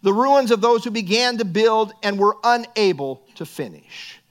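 High-voiced earnest male preacher. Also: lively intonation, moderate pace. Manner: earnest preaching, rising to emphatic bursts. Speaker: pastor. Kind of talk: sermon.

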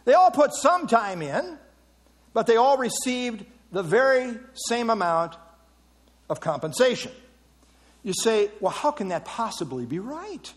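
Male preacher, very high voice, animated and emphatic, echoing in a large hall. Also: unhurried. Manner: emphatic, rhetorical questions, repeats words. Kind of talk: sermon.

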